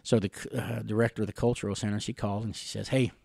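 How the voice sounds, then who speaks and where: A middle-aged man from the Catawba Nation telling personal stories in an interview, rambling gently with chuckles and fillers. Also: on the low side, little pitch movement, fast, vocal fry, no room sound. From Catawba Nation, Carolinas, USA.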